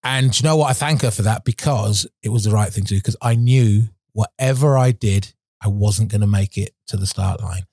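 A man's voice: on the low side, moderate pace, hardly any pauses, a little mellow, husky, dry recording, clean studio sound. A middle-aged man, a former Olympic sprinter, telling his story frankly in an interview and rambling with restarts and fillers.

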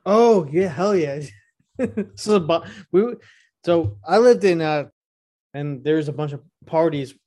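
A man's voice: fairly high pitch, slow pace, mellow. A young man co-hosting a podcast, telling crude stories casually and laughing often. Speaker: podcast co-host. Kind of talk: casual chat.

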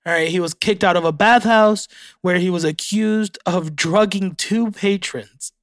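A young man hosts a casual solo podcast, reading facts out and reacting to them with frequent profanity. His voice sits a little high for a man. The sound is dry and close, with no room around it. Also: unhurried, fairly bright tone, no echo. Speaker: podcast host.

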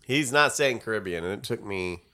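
A man in casual podcast banter, rambling and joking with friends. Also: fairly quick. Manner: rambling, animated, slips into silly voices; lively pitch.

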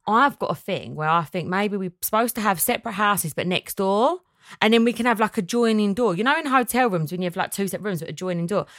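A woman's voice: mid-range voice, fast, no echo, studio quality. A woman hosting a casual podcast, chatting animatedly and reading out listener messages. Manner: chatty, animated, laughs often. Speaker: podcast host.

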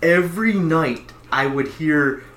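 A man's voice: a little high, takes it slowly, a bit bright, slight background noise. A middle-aged man casually telling a rambling anecdote, with frequent restarts. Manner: rambling, many restarts and laughs. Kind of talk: casual storytelling. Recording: roomy echo.

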